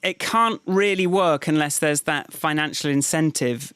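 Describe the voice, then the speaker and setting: A man's voice: fairly high pitch, measured pace, fairly bright tone, smooth, no room sound. A man co-hosting a casual podcast chat, explaining things patiently and hedging with "kind of". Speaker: podcast co-host.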